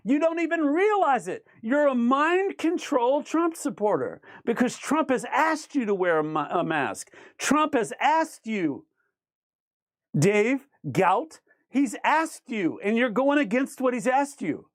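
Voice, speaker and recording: A man's voice: extremely high pitch, big pitch swings, unhurried, no room sound, clean studio sound. A man hosting a live show, reading viewer comments aloud and arguing with them in an emphatic, repetitive way. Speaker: livestream host. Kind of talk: ranting live chat reading.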